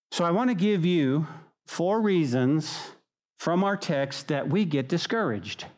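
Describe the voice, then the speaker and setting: A male pastor delivering a lively sermon in a casual, slang-sprinkled way. His voice sits a bit high for a man, and he acts out short exchanges in different voices. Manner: animated preaching, acts out dialogue voices.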